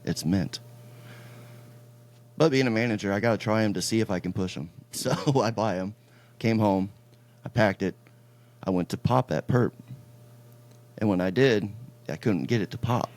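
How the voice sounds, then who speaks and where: A man hosting a casual chat podcast, his voice sitting on the low side. He talks in a relaxed, storytelling way and drops the odd curse. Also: normal speed, pauses often, no echo. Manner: laid-back storytelling, swears casually. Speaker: podcast host.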